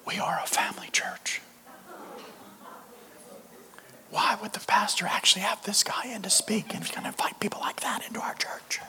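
A man voicing indignant church members who gossip in a whispered role-play, high and hissing. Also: fairly even intonation, fast talker, sharp tone, exaggerated voice. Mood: scandalized. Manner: scandalized, hissing whisper, pitched up.

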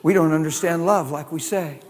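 A man preaching a sermon, animated, with shouted exclamations and laughing asides. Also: on the high side, brisk, in a large hall.

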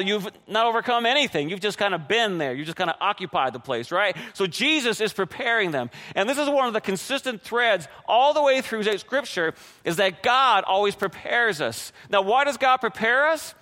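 A man preaching a sermon to a congregation, animated and often checking in with "right?". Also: high voice, big-room sound. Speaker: pastor.

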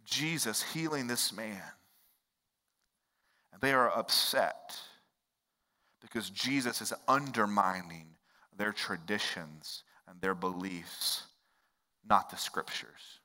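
A man preaching a sermon as pastor, swinging between loud exclaims and hushed low lines and acting out the quoted voices of characters. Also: takes it slowly, long pauses, long reverb tail.

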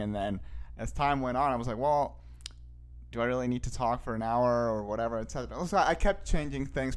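A man hosting a podcast, talking casually into a microphone in rambling fashion, with many restarts and easy laughter. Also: mid-range voice. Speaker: podcast host.

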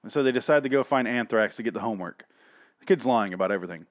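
A man's voice: on the low side, animated, very fast, no room sound. A man recapping a cartoon in a crude, rambling comedic rant that grows exasperated.

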